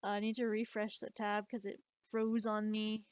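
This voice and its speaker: A woman in her late twenties telling stories on a live stream, animated and exasperated, swearing freely. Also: mid-range voice, moderate pace, dry recording. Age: 20s. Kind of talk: casual storytelling.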